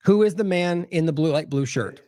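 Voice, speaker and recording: Male news host, higher voice, sarcastic rambling commentary, close dry mic. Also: lively intonation, moderate pace, warm tone, no room sound. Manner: sarcastic, rambling with frequent restarts. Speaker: independent news show host. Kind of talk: commentary over video clips.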